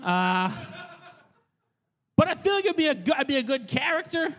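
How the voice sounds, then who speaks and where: A man answering on a comedy show stage, sheepish and self-mocking, now and then bursting into shouts. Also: very high-pitched, big pitch swings, moderate pace. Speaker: comedy game contestant.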